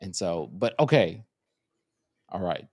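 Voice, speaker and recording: Animated, swearing male storyteller. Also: sits low, takes it slowly, slightly rough, dry recording, studio quality. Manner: profane, animated storyteller acting out quotes. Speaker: podcast co-host. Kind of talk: casual chat, storytelling.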